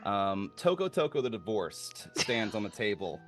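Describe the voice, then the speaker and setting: Low-voiced man narrating as game master. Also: sing-song, a bit bright, faint music behind. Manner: halting, many fillers.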